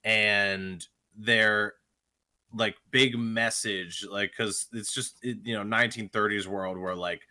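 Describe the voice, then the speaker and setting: A man's voice: fairly low pitch, fairly even intonation, slow, pushed and bright. A young man co-hosting a movie podcast, recapping the plot casually with lots of fillers. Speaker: podcast co-host.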